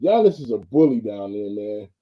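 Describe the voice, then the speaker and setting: A man's voice: fairly low pitch, very animated, moderate pace. Laid-back football coach guy, keeps saying man and bro, muffled lo-fi audio. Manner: easygoing, says "man" and "bro" often. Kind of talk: casual sports talk.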